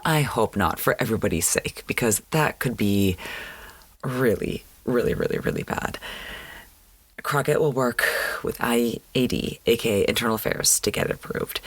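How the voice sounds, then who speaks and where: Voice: medium pitch, creaky, no room sound. A podcast host giving a chatty, wry recap of a TV episode and repeating words for emphasis. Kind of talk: casual recap commentary.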